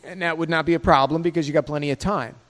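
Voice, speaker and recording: A man with a notably high voice preaching with rhetorical questions and a provocative, chatty edge. His words carry a long hall reverb. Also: fairly even intonation, very fast, fairly bright tone. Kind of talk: sermon.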